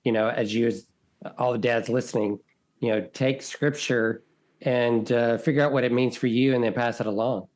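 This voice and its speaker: A man co-hosting a podcast, adding a measured, thoughtful point to the conversation. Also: mid-range voice, fairly even intonation, a little mellow. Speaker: podcast co-host. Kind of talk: casual conversation.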